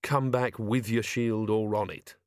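A man voicing a calm young woman guard who speaks in a flat, matter-of-fact way. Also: fairly low pitch, measured pace, no echo, studio quality, lightly acted. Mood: dry.

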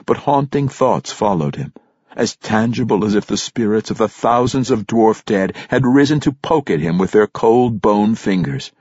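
An audiobook narrator reads fantasy in a measured, steady manner, rising to dramatic emphasis on key phrases. His voice is low and husky, recorded close and dry with a dull, lo-fi quality.

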